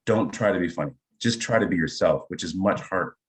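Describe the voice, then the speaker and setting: A man with a fairly low voice talks in a relaxed interview, speaking as an improv teacher. He is middle-aged and enthusiastic, and he builds his points through personal stories. He keeps checking in with "right?" as he goes. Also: fairly quick. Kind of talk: conversational interview storytelling.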